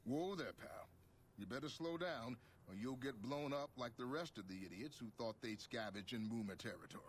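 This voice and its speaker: An actor playing a shifty wasteland gambler and scavenger who talks in a folksy, wheedling way. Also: male voice, mid-range voice, animated, moderate pace, lightly acted. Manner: folksy, wheedling salesman talk.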